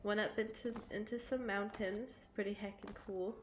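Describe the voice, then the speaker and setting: A woman's voice: mid-range voice, fairly even intonation, moderate pace. A woman with a scratchy throat chatting casually and swearing now and then while she streams a game, laughing often. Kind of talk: casual live-stream chat while playing. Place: home streaming setup. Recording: roomy echo with game music behind.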